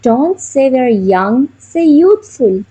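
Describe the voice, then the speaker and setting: A woman as an English teacher giving a scripted vocabulary lesson in a measured, even, word-by-word delivery. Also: high-pitched, breathy edge, rough recording.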